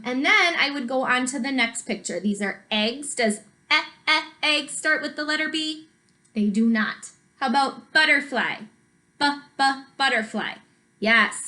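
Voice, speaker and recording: A woman teacher giving a recorded lesson to young children, slow and encouraging, sounding out letters, then reading a storybook aloud. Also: sits high, sharp tone.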